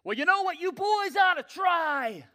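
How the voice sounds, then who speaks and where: A man voicing a nosy villager who yells fishing advice from the shore, in a high, bright shout. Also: wildly swooping pitch, unhurried, breathy edge, dry recording, studio quality, exaggerated voice. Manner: hollering across water.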